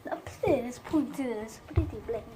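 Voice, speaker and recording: A woman's voice: on the high side, unhurried, music in the background. A woman casually walking through a house on a phone camera, chatting and joking as she shows each room. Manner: chatty, jokey, giggly. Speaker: vlogger giving a home tour. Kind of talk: casual tour walkthrough. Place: inside a house, moving from room to room.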